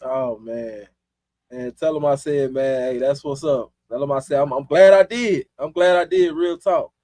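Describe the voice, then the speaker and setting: Speaking at a normal speed in a mid-range, dark-toned voice, this Chicago livestream host chats casually, swearing in street slang and often breaking into laughter. There's no echo on the recording.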